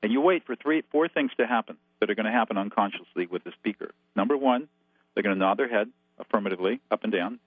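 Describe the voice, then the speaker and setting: A man's voice: lowish voice, quick pace, no echo. A man as a guest expert, calling in and laying out numbered steps in a methodical, instructive way over a tinny phone line. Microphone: telephone.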